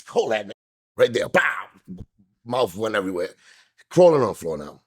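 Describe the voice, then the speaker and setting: A man, an interview guest telling a story with lively, animated delivery, acting out what other people said. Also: moderate pace, pauses often, husky. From New York. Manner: acts out quoted voices, jumping high and loud.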